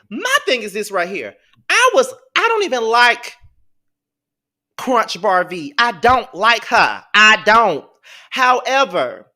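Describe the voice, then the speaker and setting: A man hosts a live gossip show with a bright, forceful voice, sassy and blunt. He talks straight to his viewers, swears freely and calls them "child" while he reacts. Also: high voice. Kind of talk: live celebrity gossip commentary.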